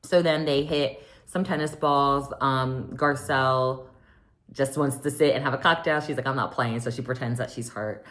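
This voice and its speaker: A woman hosting a casual, gossipy recap of a reality show, with many ums and likes, getting animated when she quotes the cast. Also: rumbling low, moderate pace. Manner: gossipy, animated when quoting others, lots of um and like.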